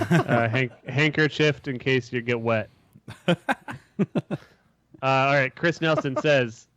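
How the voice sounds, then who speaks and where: A man's voice: mid-range voice, fairly even intonation, takes it slowly, fairly bright tone, no echo. A man co-hosting a podcast in an easygoing, teasing way. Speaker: podcast co-host. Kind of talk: casual podcast chat.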